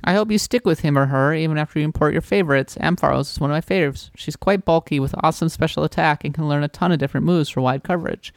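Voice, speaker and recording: A man co-hosting a casual podcast chat, talking in a relaxed way with frequent fillers and restarts. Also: a little high, fast talker, creaky, few pauses, no room sound, studio quality. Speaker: podcast co-host.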